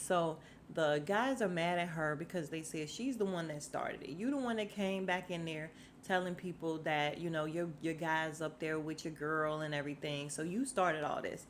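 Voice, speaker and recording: A woman with a fairly low pitch hosts a casual podcast, with slight background noise. Her talk walks through a TV episode recap, with scenes retold in quoted voices.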